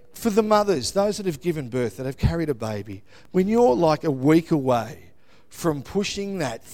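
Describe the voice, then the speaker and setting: A middle-aged Australian pastor delivers his sermon with real animation, swinging from quiet asides to excited outbursts. He speaks in a slightly higher, lively voice and keeps checking in with his listeners. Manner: animated storytelling, exclamations, frequent "yeah?" tags.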